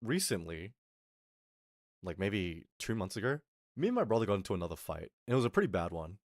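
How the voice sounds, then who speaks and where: Speaking a little fast in a deep, sing-song voice, this young vtuber streamer tells his chat a rambling story, full of fillers. He reads chat and performs the quotes, recorded on a close mic with no echo.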